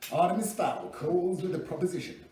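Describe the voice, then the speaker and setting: A man's voice: high-pitched, fairly quick, slight background noise, voice pushed up, close to an everyday voice. A man voicing a brash, pushy middle-aged American tycoon with an American accent. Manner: loud, pushy, flashy. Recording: echoey room, mic at a distance.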